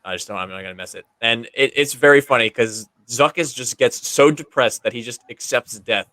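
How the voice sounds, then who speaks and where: A man's voice: medium pitch, a little fast, pushed and bright, no echo. A man hosting a podcast, animatedly recapping a comic book and laughing as he goes. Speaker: podcast host. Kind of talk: casual comic book discussion.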